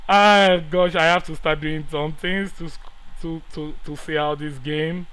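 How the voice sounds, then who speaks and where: A man talks his way through a football management match as a gaming creator, muttering under his breath one moment and pleading loudly the next. His voice sits a little high and comes across crisp, bright and forward. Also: moderate pace, rough recording. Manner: excitable, swinging from quiet muttering to shouting and pleading. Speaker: gaming YouTuber. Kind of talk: live reaction commentary over a football management game.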